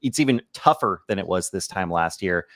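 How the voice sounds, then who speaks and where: Easygoing low-voiced man on a dry line. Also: expressive, brisk, fairly bright tone, dry recording. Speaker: realtor guest. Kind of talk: casual livestream chat.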